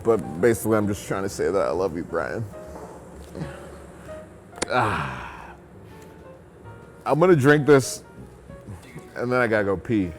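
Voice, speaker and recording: A man's voice: on the low side, very animated, a little slow, long pauses, soft background music. A young man answering interview questions while drinking, rambling, profane and tipsy. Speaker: interview guest. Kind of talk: drunken casual interview.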